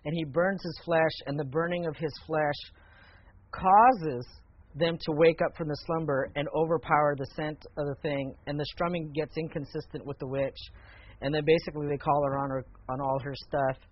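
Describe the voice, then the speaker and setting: A man teaching a church class in a conversational, animated way, in a muffled lo-fi recording. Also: fairly high pitch, normal speed. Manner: conversational, animated when retelling a story.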